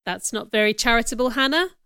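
A gentle, earnest young clergyman, voiced by a woman reader with little attempt to sound male. Her voice stays fairly high, very smooth and resonant, and recorded dry and close. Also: fast, no room sound. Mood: calm. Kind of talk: audiobook character reading.

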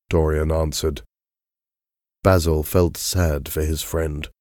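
Slow, dark-voiced male storyteller. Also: very deep voice, little pitch movement, no room sound, studio quality. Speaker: narrator. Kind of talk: scripted story narration.

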